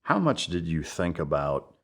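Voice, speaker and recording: A man hosting a podcast interview, asking questions in a halting, conversational way. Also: low-pitched, sing-song, a bit bright. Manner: halting, with many fillers and restarts. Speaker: podcast host.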